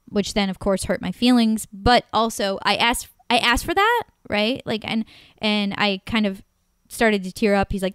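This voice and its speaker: A woman with a smooth, clear voice recounting a personal dating story on a podcast. She speaks emotionally and with animation, cursing freely. The recording is dry and close to the mic. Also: medium pitch, a little fast, no echo. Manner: emotional, animated retelling, swears often. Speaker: podcast guest.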